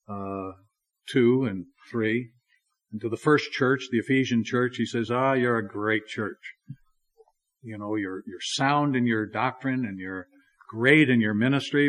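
Man preaching, unhurried and story-led. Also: medium pitch. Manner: unhurried storytelling with many fillers. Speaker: pastor. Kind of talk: sermon.

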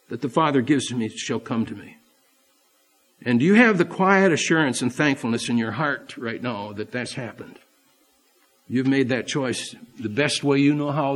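An older man, a Baptist pastor, preaching an earnest sermon that swells and drops in volume for emphasis. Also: medium pitch.

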